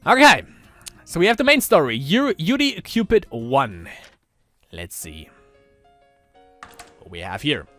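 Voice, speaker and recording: A man doing a let's-play of a visual novel, reading it aloud and breaking off into rambling, laughing asides. His pitch swings widely and sits a bit high, with faint game music underneath. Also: huge pitch swings, measured pace, long pauses, fairly bright tone, dry recording.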